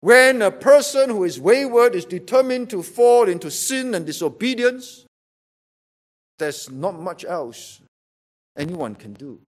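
A man's voice: high voice, animated, unhurried. A man preaching a sermon, emphatic and repeating rhetorical questions to drive his point home.

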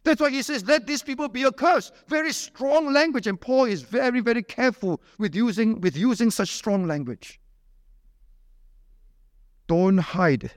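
A man preaches with strong emphasis, his fairly high voice rising to urge and dropping low to plead. His close voice is dry, yet a long reverb from the hall trails behind it. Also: expressive, moderate pace. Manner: emphatic, swings between loud high urging and low quiet pleading. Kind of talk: sermon.

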